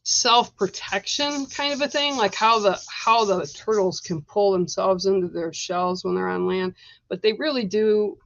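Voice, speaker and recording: A woman's voice: medium pitch, unhurried, gravelly, dry recording. A woman in a middle register gives a card reading on a live stream. She talks straight to her viewers in a chatty, reassuring way. The sound is dry and a little dull, like a plain home setup. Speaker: psychic card reader.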